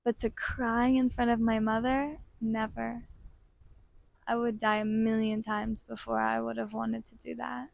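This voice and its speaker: A woman telling a deeply personal story in a slow, earnest, heartfelt way, breaking into soft laughs now and then. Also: flat delivery, creaky, dry recording. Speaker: vlogger sharing a personal story.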